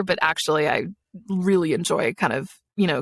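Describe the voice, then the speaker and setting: A woman's voice: on the low side, lively intonation, normal speed, dry recording, clean studio sound. A woman in her thirties from Buffalo, New York, chatting easily as a voice actor guest in an interview. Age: 30s. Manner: chatty, easygoing, many fillers. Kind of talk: casual interview chat.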